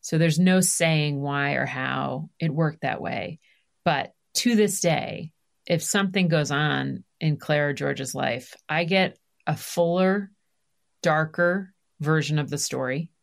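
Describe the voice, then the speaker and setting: Candid middle-aged woman, lower voice. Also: unhurried, gravelly. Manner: animated, confessional, full of asides and self-deprecation. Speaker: guest, author and podcaster. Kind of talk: candid conversational storytelling.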